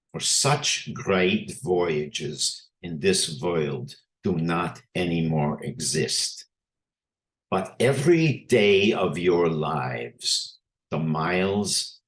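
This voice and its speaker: A man voicing an old rabbi from Eastern Europe with an Eastern European accent, giving a eulogy with slow, solemn emphasis. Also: sits low, exaggerated voice.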